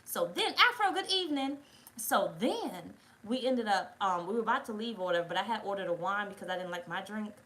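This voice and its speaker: A woman's voice: medium pitch, animated, fairly quick, few pauses, fairly bright tone, poor audio. A woman telling a rambling story time in casual chat, blunt and full of swearing. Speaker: tarot reader.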